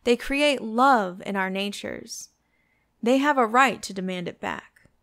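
A woman's voice: on the high side, a little slow, a bit bright. A woman voicing an eager, naive young man with a romantic, impassioned manner in an audiobook.

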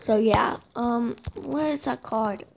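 A woman's voice: fairly high pitch, measured pace, gravelly, a little hiss or hum. A woman giving casual, chatty game commentary from home, often mocking herself and apologizing, on a dull home mic. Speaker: gameplay commentator. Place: home room with noisy brothers and a cat.

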